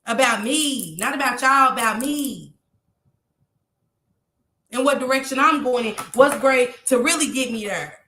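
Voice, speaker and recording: A woman's voice: high-pitched, unhurried, long pauses, pushed and bright, echoey room. A tearful woman, talking heartfelt and repetitive to her viewers on a live stream.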